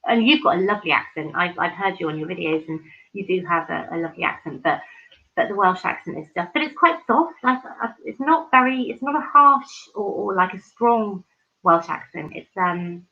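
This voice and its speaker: A woman with a lowish, lively voice speaks at a normal pace while hosting a live stream. She chats casually and effusively with viewers, reading their comments aloud with plenty of ums and restarts. The stream audio is dull and lo-fi.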